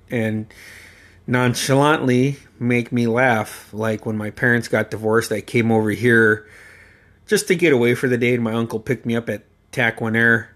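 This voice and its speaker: A man in his forties telling casual, rambling stories about his uncle, swearing freely and breaking into laughter as he goes. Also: medium pitch. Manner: rambling, profane, often laughing mid-sentence; halting, with many fillers and restarts. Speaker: storyteller remembering a late relative. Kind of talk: casual anecdotal storytelling.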